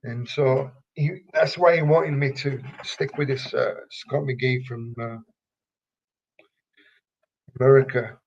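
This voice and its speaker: With a steady, mid-range voice and some vocal fry, an older Yorkshireman who used to wrestle shares stories in a relaxed interview. He meanders and hesitates, using many fillers and restarts, and the recording has its highs cut off.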